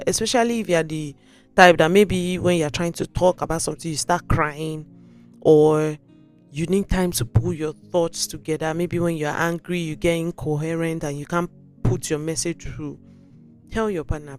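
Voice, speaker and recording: A Nigerian woman hosting a podcast, giving relationship advice in an animated way and acting out sample conversations. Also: lowish voice, normal speed, soft background music. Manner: animated, acts out sample dialogue, mixes in pidgin. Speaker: podcast host.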